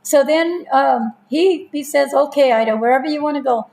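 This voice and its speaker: A woman's voice: high-pitched, normal speed, creaky, low-quality recording. A woman of fifty or more with a New Mexican accent, telling her life story casually as an interview guest, laughing often and acting out past conversations. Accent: New Mexican English. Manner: laughs often, animated retelling with quoted dialogue.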